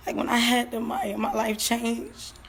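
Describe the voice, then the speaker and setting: Nervous, halting young woman on a live stream. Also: a little high, little pitch movement, vocal fry, a crowd in the background. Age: 20s. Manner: halting, filler-heavy, repeats herself. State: nervous and shaky. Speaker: grieving mother telling her story.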